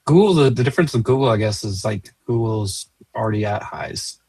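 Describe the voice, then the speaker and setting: A man's voice: fairly low pitch, animated, brisk, dark tone, slightly rough, dry recording, low-quality recording. A man co-hosting a live trading stream in casual chat, who often halts and restarts mid-thought.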